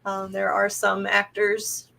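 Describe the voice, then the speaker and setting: A woman casting director co-hosting a podcast, giving relaxed advice with easy fillers and laughs. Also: mid-range voice, slow pace, gravelly. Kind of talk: casual podcast chat.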